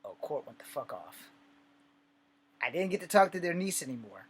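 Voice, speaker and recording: A man's voice: a little high, sing-song, normal speed, husky. A man in his forties telling a personal story casually, rambling, swearing freely and correcting himself as he goes. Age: 40s. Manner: profane, rambling, self-correcting.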